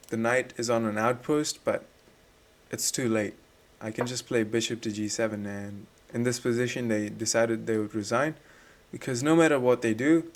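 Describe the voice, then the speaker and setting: A man reviewing one of his own chess games, explaining his moves step by step in a relaxed voice-over. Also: medium pitch. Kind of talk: casual game commentary.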